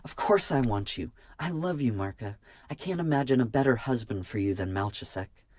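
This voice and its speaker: A man voicing a young male healer and warrior monk in an audiobook, speaking in a solemn, measured way. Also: mid-range voice, animated, a little mellow, no echo, pitched above the performer's own voice, natural voice. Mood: tender.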